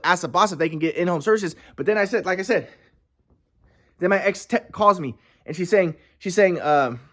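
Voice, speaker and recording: A man's voice: fairly high pitch, fairly bright tone. A man telling a personal story in an agitated, rambling way, swearing often and restarting his sentences. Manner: agitated, profane, repeats and restarts.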